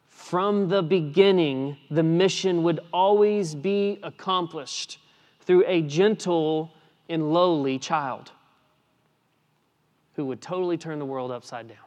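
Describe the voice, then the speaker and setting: Preaching man in a reverberant hall. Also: a little high. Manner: swings between hushed and emphatic, with casual asides. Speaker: pastor. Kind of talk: sermon.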